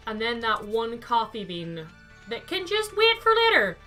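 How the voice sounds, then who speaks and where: A woman's voice: fairly high pitch, huge pitch swings, unhurried, bright, forceful tone, soft background music. A young woman chatting casually to her live-stream viewers while playing a game, thinking aloud and answering chat by name.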